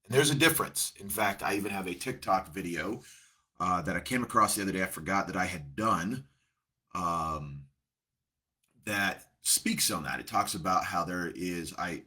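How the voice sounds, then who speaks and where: A man's voice: deep voice, expressive, moderate pace, sharp tone, husky. A middle-aged man, a coach, talking earnestly and reflectively to a camera in a casual motivational way. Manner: earnest, reflective, with many restarts. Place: seated in front of a camera.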